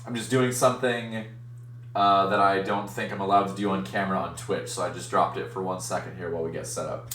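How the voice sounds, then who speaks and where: A man's voice: low voice, a little fast, distant mic, slight background noise. Man telling a story in an echoey room. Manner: animated, acts out other voices in his story. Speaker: streamer and card-break host. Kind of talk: casual storytelling on a live stream.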